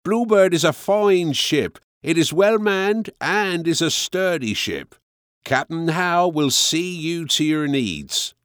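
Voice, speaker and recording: A man's voice: a little high, expressive, slow, fairly bright tone, clean tone, dry recording, clean studio sound, pitched above the performer's own voice. A man voicing an earnest, passionate father in a storybook reading, speaking in a raised, urgent, insistent way.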